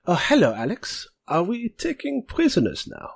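A man voicing a wary gatekeeper in a tabletop game, in a much higher voice than his own. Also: wildly swooping pitch, normal speed, creaky, slightly rough, heavily acted.

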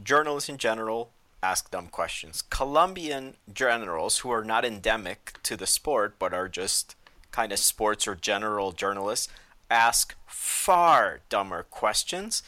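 A man's voice: on the low side, normal speed, pushed and bright. A man in casual podcast chat, telling stories with animation and acting out the dialogue he quotes.

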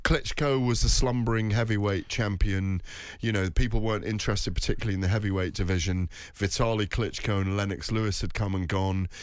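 A man with a fairly deep voice hosts a relaxed sports conversation. He wanders through his anecdotes with plenty of ums and restarts, and the sound is dry with no room in it. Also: a little fast, smooth, no room sound. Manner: rambling, anecdotal, many fillers and restarts. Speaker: boxing podcast host. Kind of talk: casual sports chat.

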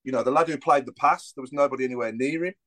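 A man's voice: medium pitch, racing, a bit bright. A man, chatting about football as a podcast co-host, rambling with lots of fillers. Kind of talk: casual football chat.

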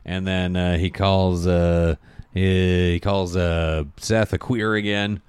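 Low, clear-voiced man rambling a recap. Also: level tone, slow, a little mellow, no room sound. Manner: rambling, profane, laughs a lot. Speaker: podcast host. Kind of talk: casual TV recap chat.

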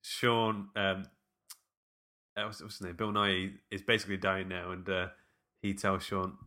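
A man's voice: low voice, flat delivery, normal speed, sharp tone. A man casually retelling a film with a friend, laughing often and quoting lines.

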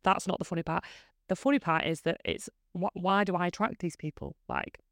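A woman's voice: lowish voice, brisk, fairly bright tone, no room sound, studio quality. A woman in her thirties hosting a podcast, chatting in a candid, rambling, self-deprecating way. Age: 30s. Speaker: podcast host. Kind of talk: casual solo podcast chat.

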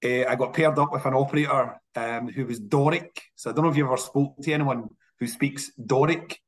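A Scottish man talks in a relaxed interview. He tells stories with energy and often repeats a word as he restarts a sentence. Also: medium pitch, a little fast. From Scotland. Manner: animated, repeats words when restarting. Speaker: whisky industry guest. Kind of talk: casual interview storytelling.

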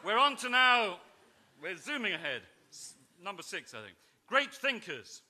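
Bright-voiced man reading comic parodies. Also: high voice, sing-song. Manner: dry, brisk and self-mocking, with small hesitations. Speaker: author reading at a literary festival. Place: festival stage before an audience.

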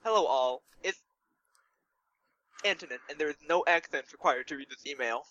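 A man's voice: fairly high pitch, normal speed, pushed and bright, slight background noise. A man co-hosting a podcast, reading a listener email aloud with dry jokes. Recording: dull lo-fi mic.

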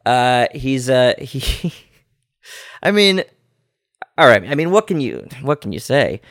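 A man's voice: medium pitch, big pitch swings, slow pace, a bit bright, no room sound, clean studio sound. A young man hosting a casual solo sports podcast, rambling and cutting himself off mid-thought. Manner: rambling, self-interrupting, chatty. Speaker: podcast host.

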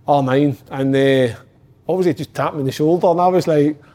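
Fast-talking Scottish man telling stories. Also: fairly high pitch. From Scotland. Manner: swears freely, animated anecdotes. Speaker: former footballer, podcast regular. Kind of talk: casual storytelling chat.

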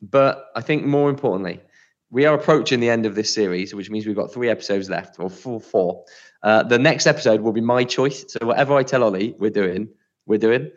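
A man's voice: lowish voice, a little fast. A man co-hosting a casual podcast, chatty and teasing, trying out impressions. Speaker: podcast co-host. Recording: slightly dull lo-fi sound.

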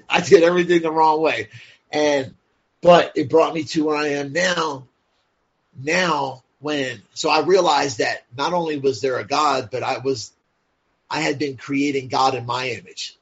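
A man's voice: mid-range voice, fairly bright tone, husky. A man guest telling his story candidly and bluntly, swearing freely and filling his speech with "like" and "you know". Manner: blunt and profane, many fillers like "like" and "you know". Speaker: podcast guest. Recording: dull lo-fi sound.

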